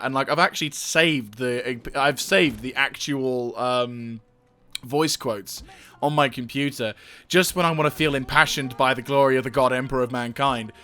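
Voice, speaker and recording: A young man giving let's-play commentary, excitedly barking orders at his troops, swearing, and rambling about the game. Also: mid-range voice. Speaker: gaming channel host.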